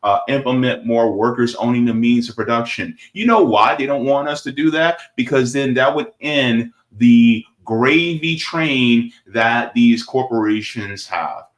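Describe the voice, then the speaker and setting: A man's voice: medium pitch, a bit bright. A man commenting on a video clip in casual political talk, emphatic and repetitive, tossing in "right?" and "baby".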